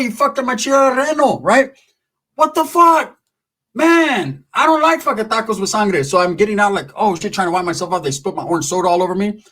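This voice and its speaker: Middle-aged man, slangy profane storyteller, fairly high voice. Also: fairly bright tone. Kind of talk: comic street storytelling.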